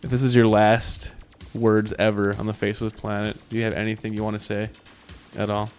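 A man's voice: lowish voice, completely flat delivery, a little fast, soft background music. A man hosting a podcast in casual banter, rambling and joking with stammering restarts. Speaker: podcast host.

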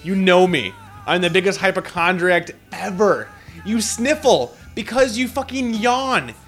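This is a man co-hosting a loose, crude podcast chat. He talks in a bright, punchy voice pitched slightly high, and he spins rambling hypotheticals laced with profanity. Soft music plays faintly behind him. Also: lively intonation, measured pace. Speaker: podcast co-host. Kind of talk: casual couple podcast chat.

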